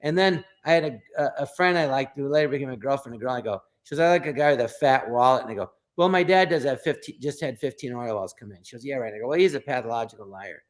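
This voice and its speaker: An older comedian appearing as a guest in a casual interview tells stories, acting out quotes in little voices and often stammering and restarting his sentences. He's animated, with a mid-range voice, a quick pace and few pauses.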